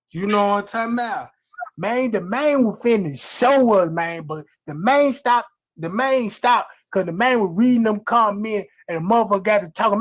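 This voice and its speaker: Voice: mid-range voice, lively intonation, moderate pace. Rambling slang-heavy online commentator. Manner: loose and rambling, heavy slang, asks "you know what I'm saying". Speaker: online commentator in a played clip. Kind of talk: casual commentary from a played video.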